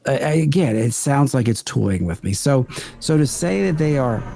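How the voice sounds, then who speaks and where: A man guest on a podcast, a paranormal investigator, telling his experiences in an earnest, deliberate way. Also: medium pitch, expressive, vocal fry, warm tone. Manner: earnest, deliberate, builds stories step by step. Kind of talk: conversational storytelling in an interview.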